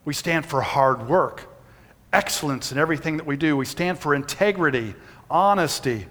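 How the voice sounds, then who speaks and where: Telling a personal anecdote in homespun style during his sermon, this pastor raises his voice to a shout when acting scenes out. He speaks at a moderate pace in an animated, higher-pitched voice, echoing through a reverberant church hall in the sanctuary.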